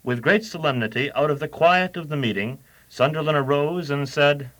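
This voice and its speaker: A man giving a measured, scripted explanatory narration. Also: on the high side, fairly bright tone, poor audio.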